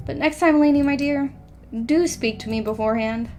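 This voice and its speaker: A woman's voice: sits high, fairly quick, a little mellow, soft background music, close to an everyday voice. A woman voicing a fussy, proper male inventor, reading a visual novel aloud in a formal, clipped way. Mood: stern.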